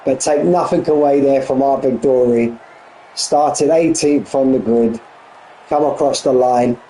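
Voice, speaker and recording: A man commentating a sim racing league race, excitable and out of breath, firing off shout-outs. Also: medium pitch, a little slow, rough recording. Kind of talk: live esports race commentary.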